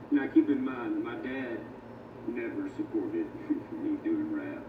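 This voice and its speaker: A man's voice: medium pitch, wildly swooping pitch, slow. A man telling his story in a loose, profane, rambling way. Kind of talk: documentary storytelling. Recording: tinny, noisy, echoey sound from a distance.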